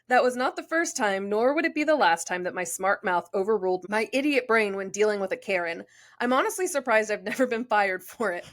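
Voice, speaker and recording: A woman's voice: medium pitch, a little fast. A young woman co-hosting a podcast, chatting casually, laughing often and reading a listener story aloud. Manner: chatty, giggly, animated when reading stories. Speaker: podcast co-host.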